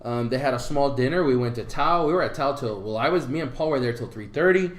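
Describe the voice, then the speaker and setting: A man's voice: mid-range voice, quick pace, reverberant. A man co-hosting a podcast, telling a story in casual chat and acting out the voices of the people in it. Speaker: podcast co-host.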